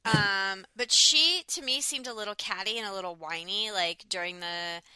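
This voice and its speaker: A woman in her thirties chats casually on a podcast, her voice very bright and forward. She talks in a loose, rambling way, full of fillers and quick restarts. The sound is dry and close, with no room around her. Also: mid-range voice, smooth, no room sound. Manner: chatty, many "like" fillers and restarts. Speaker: podcast co-host. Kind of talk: casual chat reviewing a dating show.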